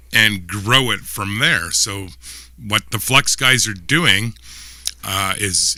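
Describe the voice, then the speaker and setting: A lower-pitched man, talking casually on a livestream. His voice sounds very bright and forward, and he rambles through restarts and chuckles. The sound is dry and close. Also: no echo. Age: 50s. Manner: rambling, laughing often, trailing restarts. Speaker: livestream co-host. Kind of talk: casual political chat.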